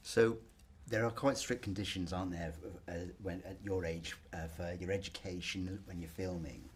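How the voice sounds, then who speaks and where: A man's voice: low-pitched, fairly even intonation, moderate pace, a little hiss or hum. A man interviewing young film actors in a chatty, friendly way, with filler hesitations. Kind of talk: casual interview.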